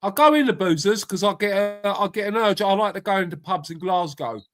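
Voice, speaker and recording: Guy hosting a late night stream chat, high voice, blunt and slangy. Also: animated, a little fast, a bit bright. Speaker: host of live stream chat. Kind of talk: casual chat.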